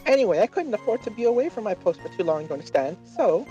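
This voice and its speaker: A woman's voice: medium pitch, big pitch swings, quick pace, warm tone, muffled recording, soft background music, natural voice. A woman reading the lines of an older nun in a game, with a theatrical, teasing delivery.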